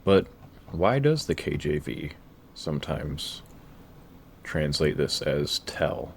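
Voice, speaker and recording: A man doing a Bible word study over his screen, dryly opinionated and slowing down to read verses aloud. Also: extremely low pitch, very animated, vocal fry, slight background noise. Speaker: Bible study video creator.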